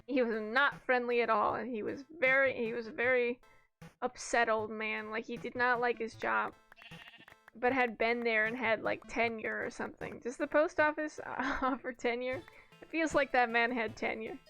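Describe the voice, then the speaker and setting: A woman's voice: fairly high pitch, steady tone, moderate pace, gravelly, fairly bright tone. A young woman streaming a game, chatting casually, swearing freely and laughing between rambling stories. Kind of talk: casual chat while gaming. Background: faint background music.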